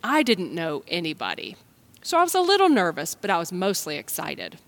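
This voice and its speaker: A woman from the United States, a pastor, giving a gentle, unhurried children's message and sermon for an online service. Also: fairly low pitch, huge pitch swings.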